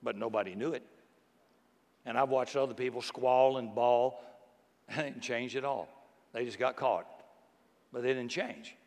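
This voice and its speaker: A man preaches a sermon in a big church hall, his voice trailing off in long reverb. He tells folksy stories, going soft and hushed and then bursting out loud. His pitch sits mid-range for a man. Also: measured pace, pauses often. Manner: folksy, animated storytelling with sudden loud outbursts and soft hushed passages. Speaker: pastor.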